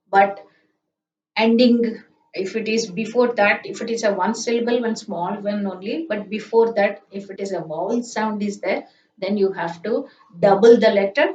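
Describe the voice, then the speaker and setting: A woman's voice: mid-range voice, darkish tone. A woman teaching a grammar lesson, spelling out letters and drilling word forms. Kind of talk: slow classroom-style grammar lesson. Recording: echoey room, distant mic, dull sound, faint hiss.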